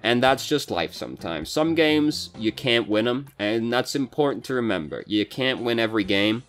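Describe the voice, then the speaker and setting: A man's voice: medium pitch, animated, moderate pace, a bit bright, faint music behind. A man talking through a match review as a gaming coach, casual and frank, swearing freely and venting frustration. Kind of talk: casual gameplay commentary.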